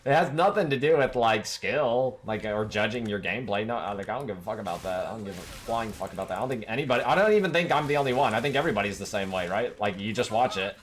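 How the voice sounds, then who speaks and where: A man's voice: lowish voice, lively intonation, quick pace, few pauses, slight background noise. A man streaming a game, talking casually to his chat in a rambling, profanity-laden rant that keeps circling back to one point.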